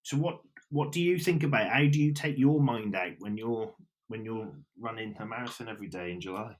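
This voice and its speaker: A man's voice: on the low side, fairly quick. A man hosting a podcast, asking encouraging, rambling questions. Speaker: podcast host. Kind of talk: casual interview chat.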